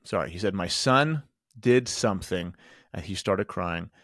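A man's voice: sits low, animated, a little slow, fairly bright tone, no echo, studio quality. A middle-aged man hosting a podcast, talking earnestly in a rambling way with many restarts. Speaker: podcast host and men's group coach. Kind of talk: casual solo podcast talk.

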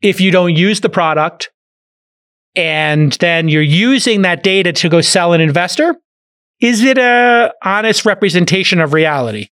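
Animated high-voiced podcast host from New York. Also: male voice, moderate pace. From Brooklyn, New York. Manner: animated, jokey storytelling with frequent asides. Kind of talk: casual business podcast chat.

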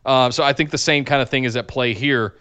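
Bright, clear male podcast co-host. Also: mid-range voice, fairly even intonation, a little fast, highs cut off. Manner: enthusiastic, laughs easily. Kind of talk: casual chat.

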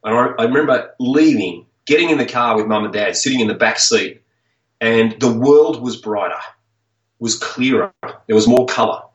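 A man's voice: mid-range voice, moderate pace. A man with an Australian accent, a chiropractor and author, telling his story as a podcast guest in an earnest, enthusiastic way. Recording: dull, roomy audio from a distance.

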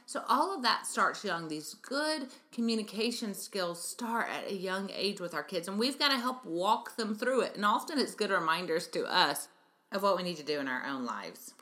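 A woman's voice: mid-range voice, expressive, moderate pace, pushed and bright. A middle-aged woman hosting a parenting talk show, speaking earnestly and emphatically to her listeners as an early-childhood educator. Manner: earnest, emphatic, addresses listeners as "you guys". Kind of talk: radio-style parenting talk monologue.

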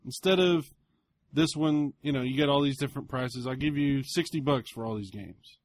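A man's voice: mid-range voice, normal speed, no room sound. A man co-hosting a podcast in casual chat, telling stories with lots of swearing and acted-out exchanges. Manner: profane, animated storytelling. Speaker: podcast co-host.

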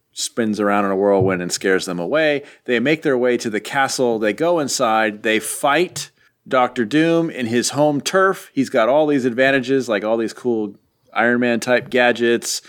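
A man hosting a podcast, casually recapping a comic book issue with jokes and lots of fillers. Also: medium pitch. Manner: joking, rambling, many fillers.

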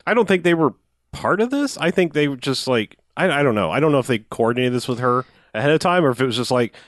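Male podcast co-host, mid pitch, dry close mic, animated recaps. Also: fast talker, no room sound. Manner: animated retelling with put-on quotes. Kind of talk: casual movie discussion.

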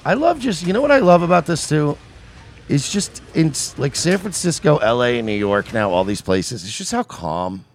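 Gravelly lively male co-host. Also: on the high side, normal speed, slight background noise. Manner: excitable, profane. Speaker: podcast co-host. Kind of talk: casual chat.

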